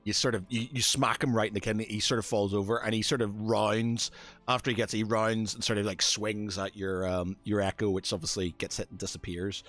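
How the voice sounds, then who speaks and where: A man's voice: on the low side, flat delivery, a little fast, a bit bright, soft background music. A man narrating as dungeon master in a tabletop game, hesitant and full of fillers.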